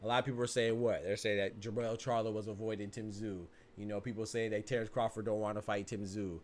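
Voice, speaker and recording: A man hosting a podcast, giving casual, animated, rambling commentary that keeps circling back to "you know what I'm saying.". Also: on the low side, fast, a little hiss or hum. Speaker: podcast host.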